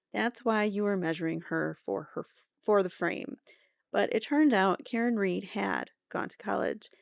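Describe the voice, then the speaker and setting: Woman podcast host, low gravelly voice, sarcastic and chatty, dry lo-fi recording. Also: darkish tone, no room sound. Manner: sarcastic, chatty, laughs at her own asides. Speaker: true crime podcast host. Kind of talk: casual commentary reading an article aloud.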